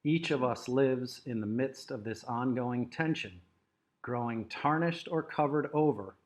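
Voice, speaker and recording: A middle-aged man co-hosting a talk, soft-spoken and easygoing, reading a passage aloud at a slow, measured pace. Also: medium pitch. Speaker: co-host. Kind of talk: casual chat and reading aloud.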